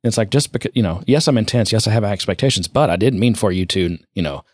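Low-voiced man in rambling chat. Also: expressive, quick pace, dry recording, clean studio sound. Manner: rambling, trails off quietly. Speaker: podcast co-host. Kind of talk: casual tech chat.

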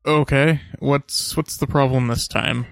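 A man co-hosting a casual podcast, answering his partner with dry, deadpan replies. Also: medium pitch, measured pace, gravelly, dry recording. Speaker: podcast co-host.

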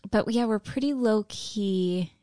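A woman's voice: mid-range voice, slow, warm tone, dry recording, clean studio sound. Easygoing, laughing woman podcast co-host. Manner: easygoing, laughs often, hesitant fillers. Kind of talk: casual chat.

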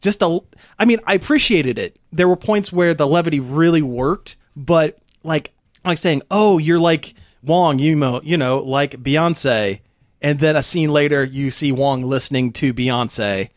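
Male host, casual film podcast, slightly high voice, dry close sound. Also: measured pace, no echo. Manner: chatty, steers the conversation.

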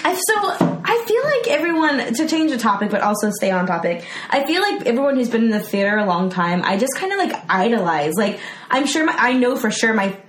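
A young adult woman chatting as a podcast guest, bubbly and giggly and quick to slip into silly voices. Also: on the high side, big pitch swings, fairly bright tone. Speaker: podcast guest, improv performer. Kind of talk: casual chat. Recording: roomy with background noise.

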